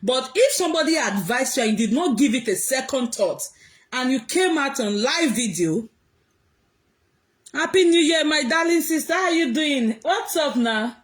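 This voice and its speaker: A woman talking to her viewers in an emphatic, animated way, often raising her voice. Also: sits high, normal speed. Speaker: vlogger. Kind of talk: casual commentary to viewers.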